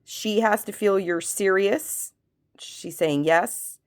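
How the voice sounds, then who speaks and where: A woman who has a cold, working as a medium, leads a spiritual pendulum reading and asks slow yes-no questions that she answers herself. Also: mid-range voice. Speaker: medium and reiki practitioner.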